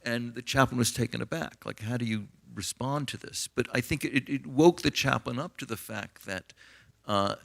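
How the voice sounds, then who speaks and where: A man's voice: mid-range voice, moderate pace, creaky. A middle-aged American man, an author and physician, tells anecdotes with many fillers and retold dialogue in a conversational interview.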